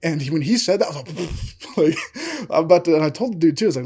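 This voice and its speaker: A man's voice: a little high, big pitch swings, quick pace, darkish tone, slightly rough. A man co-hosting a podcast, telling a story in casual chat, acting out quotes and laughing often. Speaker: podcast co-host.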